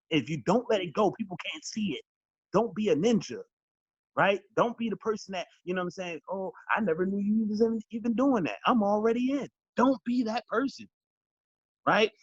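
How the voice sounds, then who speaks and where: A man's voice: sits high, breathy edge, no room sound. A man coaching a sales team in a motivational training talk, emphatic and preachy, repeating his key lines and calling his listeners y'all. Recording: dull, dry lo-fi audio.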